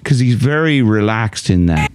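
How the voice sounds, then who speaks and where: A man teaching a casual singing lesson, explaining in a laid-back, rambling way and often clearing his throat. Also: fairly low pitch, sing-song, normal speed, loud music behind the voice. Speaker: vocal coach.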